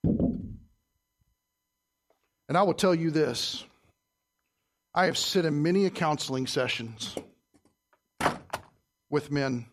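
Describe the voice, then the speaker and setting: A man delivers a sermon in a church, his voice sitting high for a man. He is emphatic and keeps quizzing the congregation. He swings between loud and soft as he preaches. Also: slow pace, pauses often. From Southern United States. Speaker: pastor.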